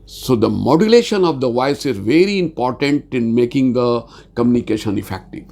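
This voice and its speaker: Trainer, male, gravelly voice, earnest halting delivery with frequent fillers. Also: mid-range voice, lively intonation, a little mellow. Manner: halting, repeats words, earnest; speaks slowly with many fillers. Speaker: sales communication trainer. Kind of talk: informal spoken lecture.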